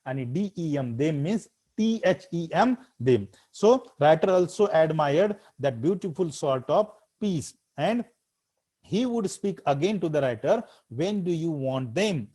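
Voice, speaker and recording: Teacher, male, fairly high mellow voice, reads the text and then explains it. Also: lively intonation, normal speed. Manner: reads the text aloud, then explains it line by line with frequent fillers. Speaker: English literature teacher. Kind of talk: classroom lecture explaining a story.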